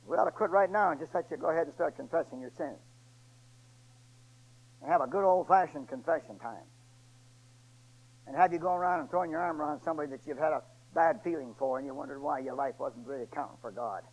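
A man preaching a sermon in a folksy, colloquial storytelling way that swings between booming emphasis and hushed asides. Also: fast, pauses often, dull audio.

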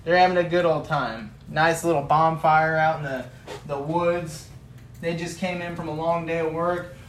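A man's voice: a little high, fairly even intonation, moderate pace, a bit bright, roomy sound, slight background noise, low-quality recording. A male preacher giving a sermon, retelling a story in a folksy, vivid way and building to passionate emphasis.

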